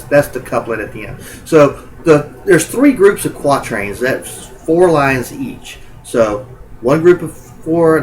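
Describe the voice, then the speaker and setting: A man's voice: medium pitch, slight background noise, low-quality recording. A man teaching in a recorded lecture, talking informally and using many filler sounds.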